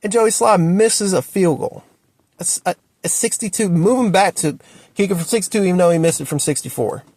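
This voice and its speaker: This sports fan commentator speaks briskly while ranting at home about his football team. He sounds exasperated, repeats himself, and swings sharply up and down in pitch; there is no echo.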